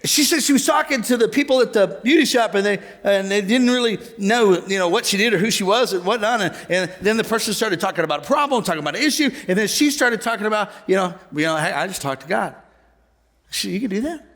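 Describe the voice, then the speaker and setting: Male pastor, sermon, upper voice with very animated swings, playful crowd banter. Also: high-pitched, fast, hardly any pauses. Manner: animated, humorous, conversational preaching. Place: church auditorium.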